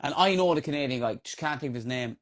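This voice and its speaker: Talking quickly at a medium pitch, an Irish man on a podcast tells a story from one of his trail races. He's casual and spirited, sprinkling in fillers and swearing freely.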